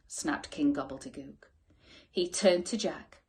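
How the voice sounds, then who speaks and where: A woman teacher reading a bedtime story expressively and sometimes dropping to soft whispers. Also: mid-range voice, very animated, slow. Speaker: school teacher.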